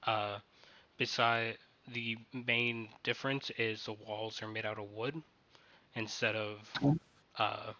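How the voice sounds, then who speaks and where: A man running a tabletop game playtest as game master, narrating haltingly and often restarting his sentences. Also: lowish voice, level tone, sharp tone, highs cut off.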